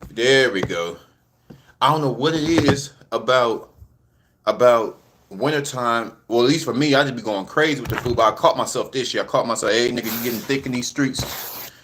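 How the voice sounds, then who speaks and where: Against a noisy background, a man with a mid-range voice talks at normal speed as host of a casual live commentary vlog. Relaxed and a bit breathless, he says things more than once and speaks right to his audience.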